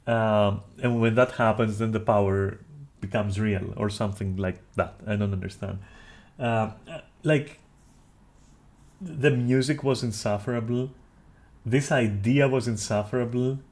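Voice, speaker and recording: A man streaming a casual review, ranting loudly with heavy swearing, then dropping into quieter apologetic talk. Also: mid-range voice. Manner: loud, profane, exasperated ranting that drops into quieter, apologetic talk.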